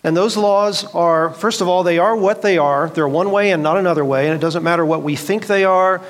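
A man with a high voice teaches a church Bible class briskly, asking the room questions. He quotes scripture in an earnest way.

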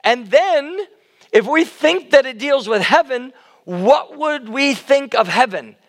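A middle-aged man preaching a conversational sermon, loud and chatty, often putting questions to the congregation. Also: extremely high pitch, expressive, slow. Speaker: pastor. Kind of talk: interactive sermon.

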